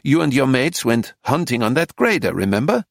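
A man voicing a calm, practical male settlement manager in an audiobook, measured and dry. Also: medium pitch, gravelly, dry recording. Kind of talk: audiobook character voice.

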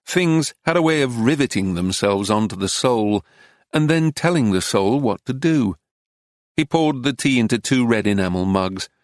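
A man narrating a memoir as an audiobook in a calm, even, literary storytelling manner. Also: medium pitch, moderate pace, no room sound, clean studio sound.

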